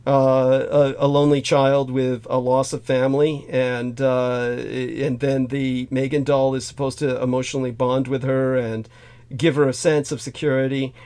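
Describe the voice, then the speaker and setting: A man's voice: mid-range voice, little pitch movement, moderate pace, darkish tone, clean tone. A man hosting a casual talk show, rambling through a film discussion with many fillers and restarts. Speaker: host.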